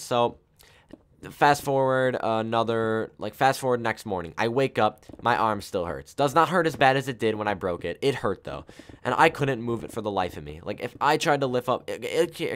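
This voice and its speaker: While gaming, a young man who makes YouTube videos rambles through a personal story in a relaxed way, leaning on fillers and frequently correcting himself. He speaks at normal speed in a medium-pitched voice with lively intonation.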